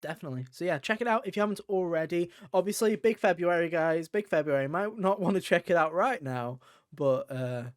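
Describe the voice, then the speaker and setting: A man with a fairly high voice co-hosts a gaming podcast, talking casually with friends. He jokes, mocks himself and laughs often. The sound is dry and close, with no room echo. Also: a little fast. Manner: joking, self-mocking, laughs often. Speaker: podcast co-host. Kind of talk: casual chat.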